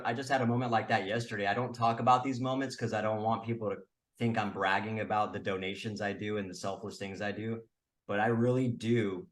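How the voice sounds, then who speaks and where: A man who is a guest on a podcast, telling a personal story in an earnest, relaxed way. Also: fairly low pitch. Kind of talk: casual storytelling interview.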